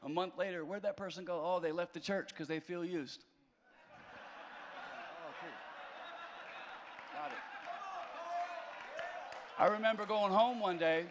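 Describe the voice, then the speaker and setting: A male pastor delivers a conversational sermon, with his voice sitting a little higher than most men's. He slips easy, self-deprecating humor into the message. His voice rings out with a long reverb, as if in a large church hall. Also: slow, pauses often, crowd noise, noisy background.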